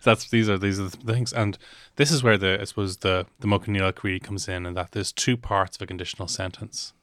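Male host, very low voice, halting teacher's chat; dry close recording. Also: steady tone, a bit bright, no room sound. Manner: hesitant, restarts often.

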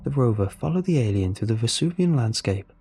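A man narrating a first-person story in a measured, even storytelling voice. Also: medium pitch, soft background music.

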